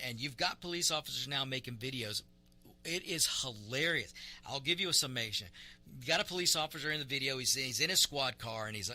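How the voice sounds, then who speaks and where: A man's voice: mid-range voice, bright, forceful tone. Emphatic male talk radio host. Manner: emphatic, repeats words as he restarts. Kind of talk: opinionated talk radio commentary.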